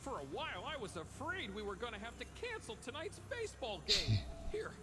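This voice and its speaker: A chirpy, nasal-voiced young male helper from a video game. His voice sits high and swoops around eagerly as he cheers the player on. Loud game music plays underneath. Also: wildly swooping pitch, brisk, heavily acted. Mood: relieved.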